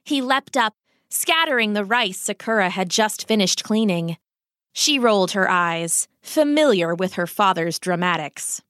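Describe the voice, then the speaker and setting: Slow, bright-voiced woman reading a storybook. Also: medium pitch, no echo, clean studio sound.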